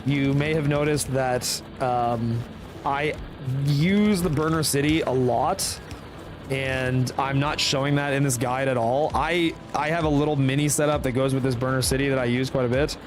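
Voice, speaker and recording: A man's voice: mid-range voice, fairly even intonation, moderate pace, background noise. A young man with a Canadian accent, casually explaining his moves as he plays through a live game guide. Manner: casual, explanatory, thinking aloud. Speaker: speedrunner streamer. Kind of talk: live commentary over gameplay.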